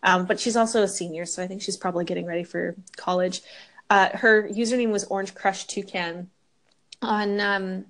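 A young woman talks as a podcast co-host in loose, casual chat. She is candid and slips into rants, swearing freely as she goes. Her voice sits in a middle pitch range. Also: fairly even intonation, normal speed, fairly bright tone.

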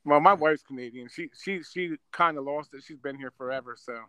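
Man, New Jersey accent, middle-aged, brash and profane, high voice, dry close sound. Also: a little fast, sharp tone, smooth, no room sound. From Northeast US, New Jersey. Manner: brash, profane, boastful storyteller. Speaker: podcast guest, social media personality. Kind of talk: casual podcast chat.

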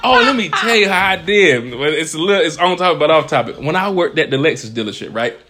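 A man's voice: fairly high pitch, animated, fast talker, noisy background. A young man co-hosting a podcast, telling stories in casual chat, laughing often and swearing freely. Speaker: podcast co-host.

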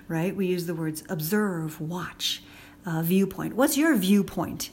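A woman host talking casually as she teaches, chatty and quick to laugh, acting out example phrases as she goes. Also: fairly low pitch, expressive, a little mellow, slight background noise. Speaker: podcast host.

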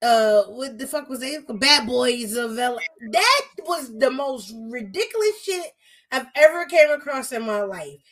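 A woman's voice: high-pitched, lively intonation, measured pace, a crowd in the background. A young woman talking in casual podcast chat, blunt, profane and emphatic.

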